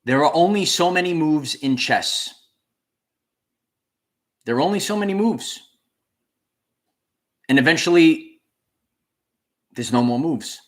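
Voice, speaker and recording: A man's voice: a little high, animated, slow, pauses often. A man hosting a spiritual livestream, talking to his viewers and repeating key phrases with preacher-like emphasis. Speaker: channel host.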